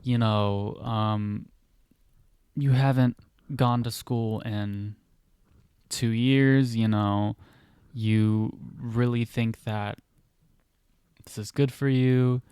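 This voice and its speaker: A man's voice: medium pitch, steady tone, extremely slow, pauses often, darkish tone, clean tone, dry recording, studio quality. A man voicing an exasperated young woman who nags and scolds her brother, in a lightly acted retelling. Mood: scolding.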